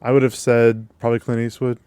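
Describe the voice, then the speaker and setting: A man's voice: mid-range voice, little pitch movement, a little fast, dark tone, clear, resonant tone, no room sound. A man co-hosting a casual movie podcast, easygoing and a bit hesitant, with fillers as he talks. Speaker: podcast co-host. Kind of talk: casual chat.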